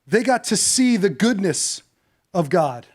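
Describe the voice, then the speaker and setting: A male pastor preaching a sermon, telling a story dramatically, acting out voices and moving from hushed to loud. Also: sits high, sing-song, slow pace.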